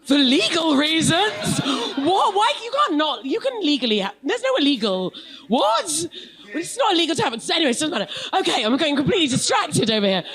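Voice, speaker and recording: A woman with a posh English accent does stand-up into a handheld mic on a comedy club stage. Her voice sits high and leaps around, full of playful banter with the crowd. Giggles break into her lines. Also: very animated, brisk, fairly bright tone. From England, London then West Country. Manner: chatty, playful, bantering with the crowd, laughing mid-line. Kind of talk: live stand-up set.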